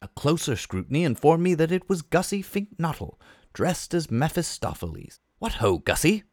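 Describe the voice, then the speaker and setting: A man reading a comic novel aloud, lively and expressive in his storytelling. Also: on the high side, moderate pace, no room sound, studio quality. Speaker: reader.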